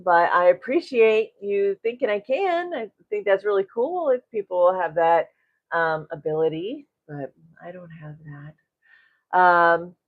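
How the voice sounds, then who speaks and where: Slow-talking middle-aged woman coach. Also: lowish voice, muffled recording. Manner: tags sentences with "right?", chuckles often. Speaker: self-development coach. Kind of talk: live-streamed coaching talk, reading viewer comments.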